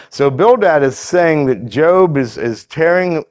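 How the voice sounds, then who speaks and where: A man preaching a sermon in a conversational, halting way, with fillers and restarts, who reads scripture aloud in a steadier cadence. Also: on the high side, lively intonation, darkish tone.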